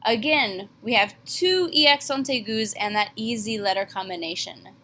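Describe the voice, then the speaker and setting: A woman French teacher giving a classroom lesson, slowly modeling each phrase. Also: on the high side, pushed and bright, a little hiss or hum.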